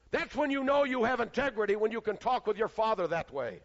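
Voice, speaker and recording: A man preaching a sermon who swings between loud, declaiming passages and hushed, quiet ones. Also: high voice, lively intonation, a little fast, hardly any pauses. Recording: long hall reverb, dull lo-fi sound.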